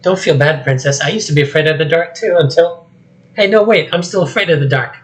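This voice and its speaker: A man voicing a loud, jittery talking male donkey while reading a script aloud, with high excitable chatter. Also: a little fast, close to an everyday voice, low-quality recording. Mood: teasing. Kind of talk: solo script reading with voices.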